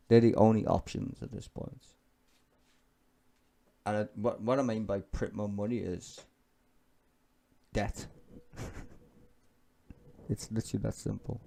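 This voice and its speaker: A man rants through profane political commentary on a live stream, blunt and sardonic. His voice sits low with a gravelly fry and a dark, mellow tone. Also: fairly even intonation, measured pace, pauses often. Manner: sweary, ranting and sardonic.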